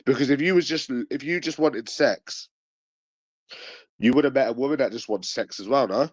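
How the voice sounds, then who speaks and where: A man's voice: mid-range voice, moderate pace, slightly rough, no echo, poor audio. A man with a London accent ranting in a repetitive, sweary, sarcastic monologue. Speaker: vlogger.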